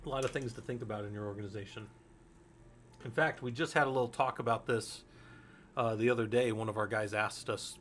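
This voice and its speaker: A man's voice: mid-range voice, steady tone, fairly quick, a bit bright, slight background noise. A man in his forties teaching a Linux security course in a candid, loose way, swearing freely and drifting into anecdotes. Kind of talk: casual technical lecture.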